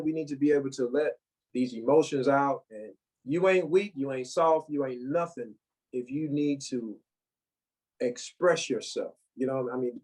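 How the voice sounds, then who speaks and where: A man speaking as a guest on a podcast, his voice pitched in the middle. He tells his story haltingly, restarting often, and keeps holding back tears. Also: a little mellow, low-quality recording. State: close to tears. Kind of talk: emotional personal storytelling.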